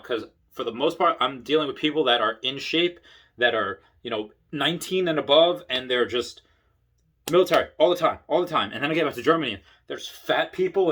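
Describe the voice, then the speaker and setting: A man's voice: mid-range voice, fairly bright tone. A tipsy man, an Air Force veteran, telling rambling stories to camera in casual, profane talk and acting out other people's lines. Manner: rambling, profane, acts out voices in bursts.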